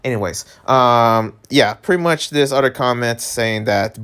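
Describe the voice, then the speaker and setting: A man vlogging in a casual rant, animated and exasperated, laughing often and tripping over his words. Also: moderate pace, clean tone. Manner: animated, exasperated, pitch jumps high when worked up.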